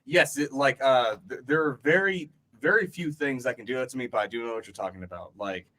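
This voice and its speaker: A man's voice: medium pitch, fairly quick, pushed and bright. A man co-hosting a casual podcast chat, rambling with lots of fillers and laughing easily. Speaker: podcast co-host.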